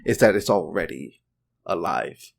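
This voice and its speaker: A man's voice: lowish voice, measured pace. A man giving a casual opinion monologue for a video, informal and chatty with joking side remarks. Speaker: video commentator.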